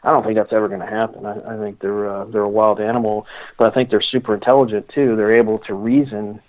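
A male guest telling stories in a rambling, halting way, often restarting his sentences. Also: fairly low pitch, level tone. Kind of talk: casual storytelling. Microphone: phone call. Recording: phone line.

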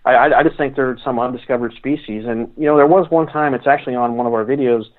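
A male guest telling stories in a rambling, halting way, often restarting his sentences. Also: medium pitch. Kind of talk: casual storytelling. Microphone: phone call. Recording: phone line.

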